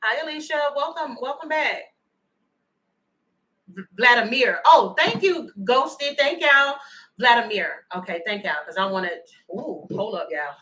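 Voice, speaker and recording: Chatty bright-voiced woman. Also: high-pitched, moderate pace, few pauses, low-quality recording. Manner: chatty, animated, thanks viewers by name. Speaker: tarot reader. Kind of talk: livestream tarot reading.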